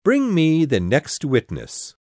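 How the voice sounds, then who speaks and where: A woman reading an audiobook voices a pompous, fussy old king presiding over a trial in a deep, gruff, commanding tone. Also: wildly swooping pitch, slow, darkish tone, no echo, studio quality, exaggerated voice. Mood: stern.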